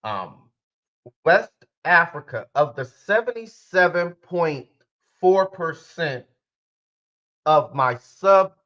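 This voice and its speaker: A podcast host and spiritual life coach with a fairly high, lively voice talks slowly to his listeners, with long pauses. His solo show is casual and rambling, he often corrects himself, and the audio sounds dull.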